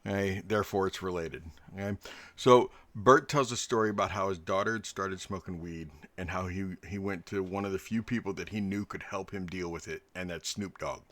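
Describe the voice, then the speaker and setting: A man's voice: low-pitched, fairly even intonation, a little fast, fairly bright tone, no echo. A man, the game master, rambling through a story at the table and checking in with "okay?" a lot. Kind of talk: casual table chat.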